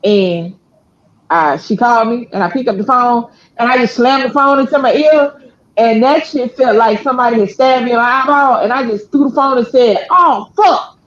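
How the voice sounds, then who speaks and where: A woman's voice: fairly high pitch, moderate pace. A woman telling a family story in casual, slangy chat, acting out quotes and laughing often. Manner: animated, laughing, slangy delivery with acted-out quotes. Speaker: storyteller, channel co-host. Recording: dull lo-fi sound.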